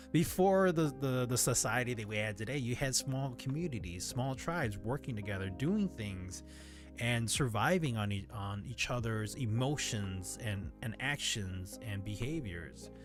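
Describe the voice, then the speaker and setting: A man talking casually on his livestream, reading out viewer comments and answering them candidly, now and then swearing. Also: mid-range voice. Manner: candid and conversational, often swears.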